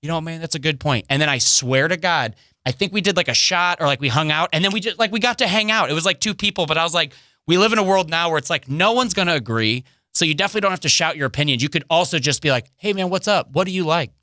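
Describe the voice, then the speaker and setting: A man tells a comic story in casual podcast chat, his voice bright and a little high. He acts out the other people's lines with gusto. The sound is dry and close to the mic. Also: expressive, fast, no room sound. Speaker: comedian and guest co-host.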